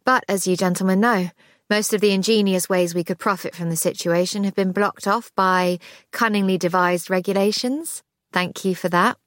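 A woman's voice: medium pitch, fairly even intonation, normal speed, dry recording, studio quality, natural voice. A woman voicing an ironic young woman who works in finance. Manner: ironic, crisp.

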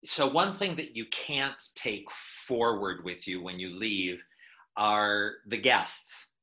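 A man hosting an interview over a video call, asking slow, measured questions. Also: fairly low pitch, lively intonation, bright, forceful tone. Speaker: interview host.

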